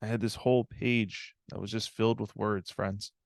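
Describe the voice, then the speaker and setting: A man's voice: lowish voice, level tone, normal speed, vocal fry, dry recording, studio quality. A man giving a live online talk, telling a personal story in an earnest, reflective way and often checking in with "right?".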